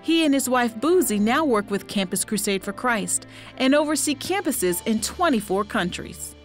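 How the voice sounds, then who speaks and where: Female narrator, measured scripted documentary read, a bit high-pitched. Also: animated, faint music behind.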